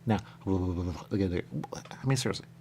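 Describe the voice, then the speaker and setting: A man's voice: low voice, normal speed, mellow, slight background noise. A man hosting a radio show in loose, rambling on-air chat, drifting between thoughts and repeating stock phrases.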